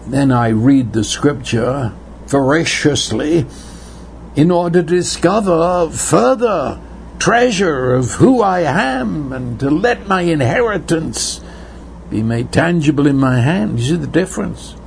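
A man preaching a sermon in an earnest way, repeating words and slowing down for emphasis. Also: a little high, lively intonation, creaky, a little hiss or hum.

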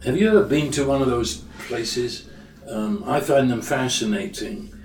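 A man preaching a sermon in a slow, conversational storytelling way, often restarting his phrases. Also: mid-range voice, darkish tone, roomy sound, far from the mic, a little hiss or hum, poor audio.

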